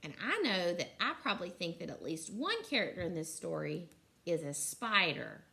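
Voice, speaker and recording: A woman teacher giving a phonics lesson to young children, sounding out letters slowly and clearly and praising often. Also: fairly low pitch, very animated, bright, forceful tone. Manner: encouraging.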